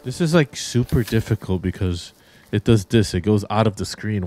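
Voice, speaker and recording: A man's voice: fairly low pitch, animated, normal speed, darkish tone, faint music behind. A man giving casual, rambling gameplay commentary as a YouTuber, easily exasperated and laughing often. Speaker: gaming YouTuber. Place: home room with white background.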